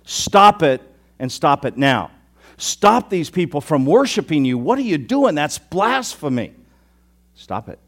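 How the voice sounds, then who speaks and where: A man voicing indignant male Pharisee leaders who loudly demand that the praise be stopped. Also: fairly high pitch, sing-song, unhurried, exaggerated voice. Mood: indignant, commanding. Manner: loud commanding scolding.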